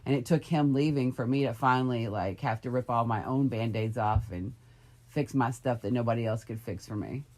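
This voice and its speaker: Low-voiced middle-aged woman, reflective. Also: fairly quick, darkish tone. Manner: reflective, soothing and supportive. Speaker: podcast co-host. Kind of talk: candid casual chat. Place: bedroom, on a bed.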